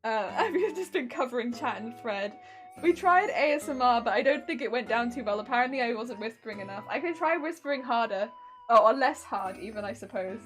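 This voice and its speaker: Giggly high-voiced British woman streaming. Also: lively intonation, brisk, fairly bright tone, soft background music. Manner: giggly, chatty, often bursts out laughing. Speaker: cosplay streamer. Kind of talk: casual live-stream chat while crafting.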